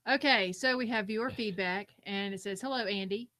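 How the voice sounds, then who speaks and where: A middle-aged woman chats casually as a podcast co-host, relaxed and a little scattered. Her voice sits at an ordinary middle pitch. The recording is close and dry. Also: a little fast, no room sound. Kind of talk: casual chat.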